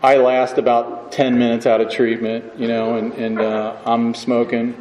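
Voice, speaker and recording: A man's voice: medium pitch, monotone, unhurried, a little mellow. A man speaking at a recovery meeting, telling his story in a rambling, self-mocking way and often asking "you know what I mean". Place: meeting hall. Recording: echoey hall with background noise.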